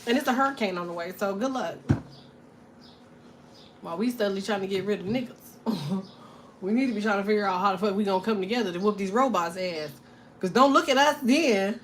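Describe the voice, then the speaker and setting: A woman hosting a casual tarot livestream, delivering a profane, animated comedic rant and laughing often. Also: medium pitch, fairly quick, pauses often, a little hiss or hum.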